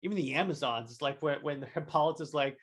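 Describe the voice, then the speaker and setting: A young adult man hosting a solo podcast review, talking excitedly and rambling with many stammered restarts. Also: on the high side, fast. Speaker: podcast host.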